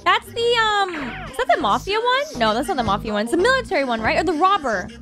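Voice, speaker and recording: A young woman hosting a reaction video, gasping and gushing with quick exclamations as she comments on animations. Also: extremely high pitch, very animated, over music.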